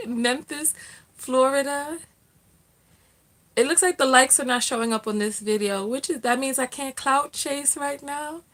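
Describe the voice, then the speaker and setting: A woman's voice: high-pitched, measured pace, a bit bright. A middle-aged woman hosting a casual livestream, reading out viewer comments in a chatty way with lots of fillers and restarts. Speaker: livestream host, self-love coach.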